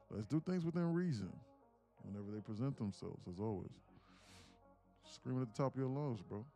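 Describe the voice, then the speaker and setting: A man's voice: medium pitch, creaky, darkish tone. A man live-streaming his day trading, bantering loosely with chat in slangy, joking talk and cursing freely.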